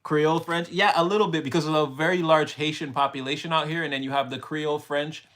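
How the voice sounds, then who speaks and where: A livestream host from Canada with a Montreal, Quebec accent chats casually with a live audience, laughing often and switching between English and French. His voice is fairly high and a bit bright, quick-paced with fairly even intonation.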